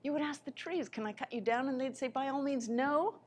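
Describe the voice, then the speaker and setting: Delivering a live spiritual lecture with passion, a woman with a high voice speaks briskly. She swings between soft, quiet stretches and sudden loud bursts.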